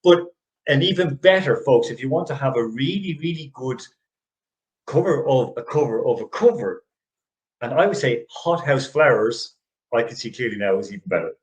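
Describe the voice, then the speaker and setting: A man's voice: mid-range voice, expressive, normal speed, poor audio. Rambling middle-aged male podcast host. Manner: rambling, restarts often, chuckles. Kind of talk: casual movie review chat.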